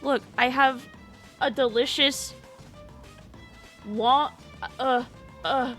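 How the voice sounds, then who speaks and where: A woman streamer chatting casually and with animation, slipping into high baby talk with her pet bird. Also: steady tone, drawn-out words, pauses often, a bit bright, soft background music.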